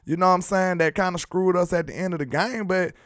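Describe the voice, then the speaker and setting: A man's voice: high-pitched, quick pace, dry recording, studio quality. A young man hosting a casual sports chat, laid-back, laughing often and using dialect slang. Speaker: sports show host.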